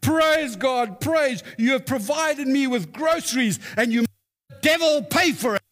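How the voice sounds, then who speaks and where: A man voicing a devout little old woman who shouts her praise aloud. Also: fairly high pitch, slow, a little hiss or hum. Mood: joyful.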